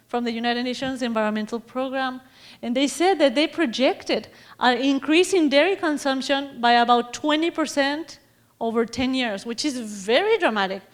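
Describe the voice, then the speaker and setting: A woman from Mexico with a Mexican accent giving a lecture in a chatty, animated way, often correcting herself mid-sentence. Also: fairly high pitch. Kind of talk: public lecture on food and environment.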